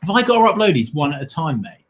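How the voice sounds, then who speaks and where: A man co-hosting a long charity livestream, talking in an excitable, gushing way and thanking donors warmly, worn out from the long hours. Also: fairly high pitch, fast talker, poor audio. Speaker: livestream co-host. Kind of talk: casual livestream chat.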